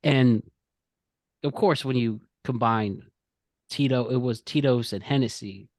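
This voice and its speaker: A man's voice: medium pitch, measured pace, no room sound. A young man hosting a podcast quiz in an easygoing, chatty way. He rambles through his stories, stopping to restart and correct himself. His voice sounds close and dry. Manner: rambling, self-correcting storyteller who laughs often. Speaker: podcast host running a quiz game. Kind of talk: casual podcast chat.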